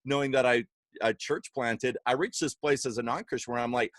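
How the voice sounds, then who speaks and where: A young Canadian man telling stories as a podcast guest, energetic and acting out quoted voices. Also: mid-range voice, fairly quick, dry recording. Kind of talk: animated storytelling.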